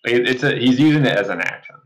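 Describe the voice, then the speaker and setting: A man's voice: medium pitch, expressive, quick pace, a little hiss or hum, rough recording. A man running a tabletop game as game master, asking his players dry, probing questions.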